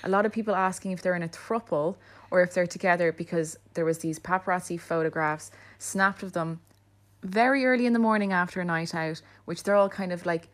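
Lower-voiced woman pop-culture guest. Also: fairly quick. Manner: animated storyteller, lots of fillers. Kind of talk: casual pop-culture chat.

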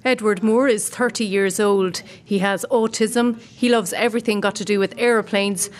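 A woman narrates a news report. Her delivery is steady and measured, with mid-range pitch. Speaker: social affairs correspondent.

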